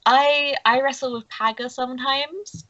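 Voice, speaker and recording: A woman voicing a bubbly, muscular young woman wrestler who talks in an excitable, gushing way. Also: sits high, a little slow, highs cut off, voice pushed up. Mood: casual.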